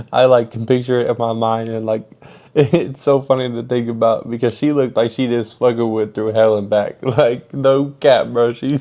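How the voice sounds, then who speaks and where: A young man casually retelling a funny work story, animated and slangy, laughing as he goes. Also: medium pitch.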